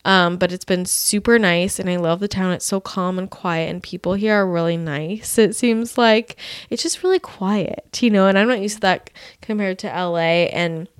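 A bubbly young woman from California chats easily as a podcast host, tossing "like" into most sentences. Her voice sits at an ordinary pitch, and the recording is close and dry, with no room sound. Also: fairly even intonation, moderate pace, few pauses, clear, resonant tone, no echo. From California, USA. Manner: bubbly, chatty, lots of "like". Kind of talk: casual chat.

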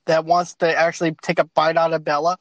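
A man's voice: fairly high pitch, little pitch movement, brisk, no echo, dull audio. A man hosting a casual podcast chat, rambling and laughing often between his points. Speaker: podcast host.

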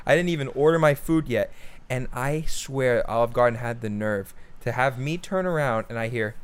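A man's voice: medium pitch, moderate pace, few pauses, clean tone. A young man co-hosting a comedy podcast, telling a mock-outraged story with heavy swearing and over-the-top indignation. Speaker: podcast co-host. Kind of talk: satirical comedy podcast banter.

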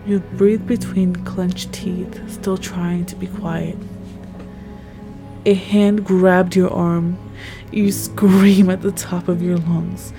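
A woman narrating a tense second-person audio story in a measured way. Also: fairly low pitch, level tone, poor audio. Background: music.

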